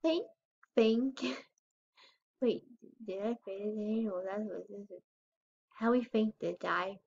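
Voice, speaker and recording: Slow, rambling girl's game commentary. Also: medium pitch, vocal fry, a little mellow, dull audio. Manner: rambling and unsure, with frequent "I don't know" and squealing over cute items. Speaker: gamer showing her game house. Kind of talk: casual gameplay commentary.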